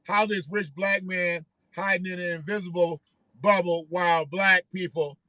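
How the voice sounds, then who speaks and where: A man's voice: high-pitched, steady tone, moderate pace, bright, forceful tone, no room sound. A man hosting a live stream, giving rambling, profane commentary and often repeating himself. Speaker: livestream host.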